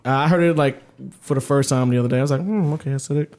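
A man's voice: mid-range voice, very fast, darkish tone. Loose, profane podcast co-host, a man. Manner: loose, profane, reads news stories aloud. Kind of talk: casual podcast chat.

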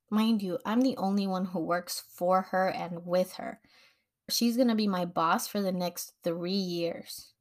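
Young woman, podcast host, casual storytelling, acts out quoted dialogue, laughs easily. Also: medium pitch. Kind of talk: personal storytelling.

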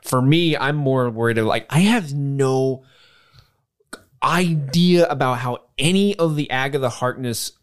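A man with an average-pitched voice, co-hosting a casual podcast. He rambles loosely and swears freely. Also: unhurried, clear, resonant tone. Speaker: podcast co-host. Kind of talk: casual chat.

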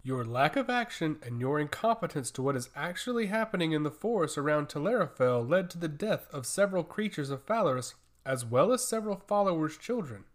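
A man's voice: on the high side, big pitch swings, fairly quick, hardly any pauses. A man voicing a fierce god-touched woman, stern, sarcastic and harsh in her accusations. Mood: stern scorn.

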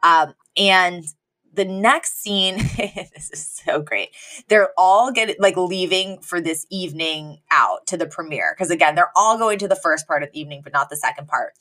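A woman's voice: on the low side, normal speed, sharp tone. Chatty woman recapping a sitcom. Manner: chatty, laughing often, acting out lines. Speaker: podcast co-host. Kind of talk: casual chat recapping a sitcom episode.

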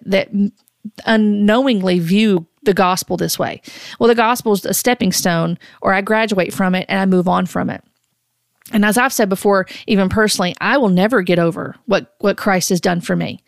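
Earnest woman with a gravelly edge. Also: medium pitch, no room sound. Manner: earnest, deliberate, with frequent restarts. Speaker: host. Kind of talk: critical commentary on prophecy videos.

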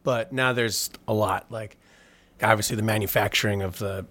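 A man's voice: on the low side, fairly even intonation, moderate pace, a bit bright. A man, an electronic musician, chatting casually as an interview guest, rambling with lots of fillers and self-deprecating humor.

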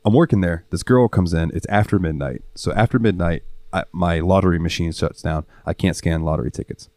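A young man with a Southern US accent, co-hosting a podcast and telling profane, animated stories from his job. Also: low voice, fairly quick, dry recording, clean studio sound. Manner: profane, animated storyteller acting out customers. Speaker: podcast co-host. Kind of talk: casual chat, storytelling.

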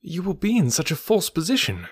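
A man's voice: high voice, huge pitch swings, fairly quick, breathy edge, no room sound, studio quality, voice pushed up, exaggerated voice. A man reading the part of an earnest, loyal male doctor in an audiobook, raising his voice in an anxious, protesting way. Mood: alarmed.

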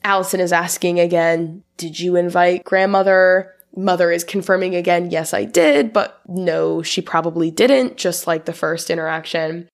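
A woman's voice: lowish voice, steady tone, moderate pace, hardly any pauses. A woman co-hosting a podcast, casually recapping a film from her notes and laughing often. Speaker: podcast co-host.

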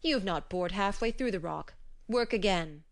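Calm, commanding old god in a cloak, voiced by a woman narrator; smooth and even, storybook telling. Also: medium pitch, moderate pace, close to an everyday voice. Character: majestic elder male god in wanderer's cloak, calm and commanding.

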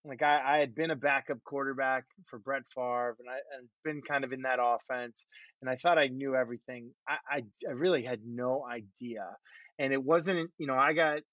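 A man's voice: medium pitch, steady tone, normal speed, no room sound. A middle-aged man and former pro quarterback, telling stories about himself in a self-deprecating, laughing way in casual conversation. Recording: dull, dry muffled audio.

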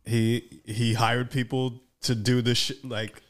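A man's voice: mid-range voice, level tone, slow. A man co-hosting a casual podcast, throwing in dry, wisecracking asides and telling stories. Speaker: podcast co-host.

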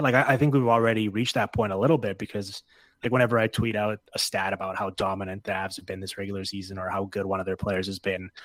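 A man speaking as a guest analyst on a podcast, talking quickly with many fillers and restarts. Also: fairly low pitch, a bit bright, dry recording. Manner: rapid, filler-heavy talk with frequent restarts. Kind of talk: podcast interview.

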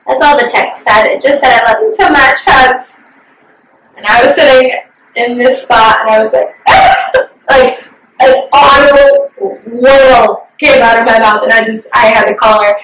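A woman's voice: fairly high pitch, fairly even intonation, normal speed, fairly bright tone, slight background noise. Candid young woman, roomy and distant. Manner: candid, swears freely, emotional storytelling. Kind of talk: casual chat.

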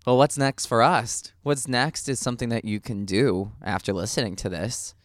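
A man's voice: medium pitch, normal speed, no echo, studio quality. Reflective man co-hosting a podcast. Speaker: podcast co-host. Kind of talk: casual chat.

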